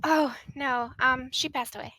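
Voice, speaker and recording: A woman speaks in character at a tabletop game. Her voice is high and bright, with a gravelly edge. It sounds close and dry. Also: fairly even intonation, unhurried, no room sound, poor audio. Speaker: player.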